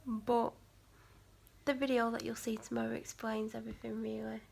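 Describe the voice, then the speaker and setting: A woman from England talking casually to her vlog camera, her voice fairly high and heavily gravelly with vocal fry. She rambles, leans on "like" as a filler, and often sinks to a near-whisper. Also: level tone, normal speed, darkish tone. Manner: rambling, chatty, many "like" fillers. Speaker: vlogger.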